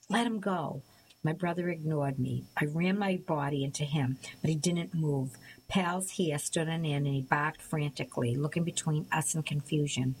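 A woman reading a novel aloud as an audiobook narrator, in a measured, even storytelling manner. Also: deep voice, a little hiss or hum, poor audio. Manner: measured, even storytelling with occasional small slips. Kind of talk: scripted narration.

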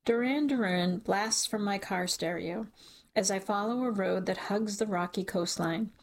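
A woman reading a first-person novel aloud in a measured, wry storytelling manner. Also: medium pitch. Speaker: audiobook narrator. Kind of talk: first-person audiobook narration.

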